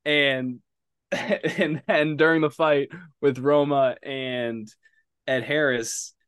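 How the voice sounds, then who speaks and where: A man's voice: medium pitch, fairly even intonation, slow pace, a bit bright, clean tone, no room sound. Giggly young man, dry close sound. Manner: laughs often, hesitant with restarts. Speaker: podcast co-host. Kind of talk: casual chat.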